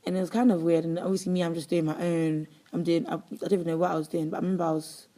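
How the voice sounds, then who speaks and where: A woman, a guest telling a personal story in an interview, rapid and animated with lots of "like". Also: fairly low pitch. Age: 20s.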